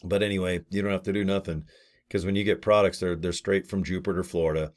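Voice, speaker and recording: Talking fast in a low voice with fairly even intonation, a man in his late fifties pitches a business opportunity to camera. He's a network marketing affiliate, and his casual sales chat is folksy and blunt, with mild cursing and rambling tangents.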